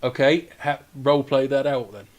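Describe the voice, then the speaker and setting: A man narrating as game master, relaxed, with frequent hesitations while describing the scene. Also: medium pitch, normal speed, dull audio.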